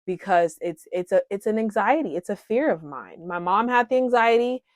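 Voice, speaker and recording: A woman in her thirties talking casually and warmly to viewers about coping skills, with frequent "um"s, calling them "y'all". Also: mid-range voice, animated, moderate pace, dry recording, studio quality. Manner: frequent "um", addresses viewers as "y'all", laughs at herself. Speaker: wellness vlogger sharing coping skills. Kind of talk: casual heartfelt talk to viewers.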